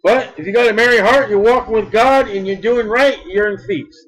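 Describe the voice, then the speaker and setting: A man preaches a sermon emphatically, repeating words and swinging between loud bursts and soft asides. His voice sits high and he speaks fairly quickly, though the audio quality is poor.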